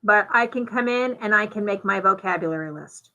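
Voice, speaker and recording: A woman giving a live software demonstration, talking through each step in a chatty way with fillers. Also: medium pitch, fairly quick, dull audio. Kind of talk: live software demo walkthrough.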